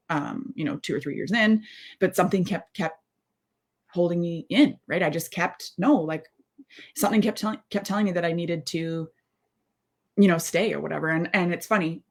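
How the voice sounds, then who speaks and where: A woman's voice: low voice, steady tone, a little fast. A woman in her thirties giving a candid live-stream monologue as a mindset coach, rambling and heartfelt, with many asides and restarts. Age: 30s. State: close to tears.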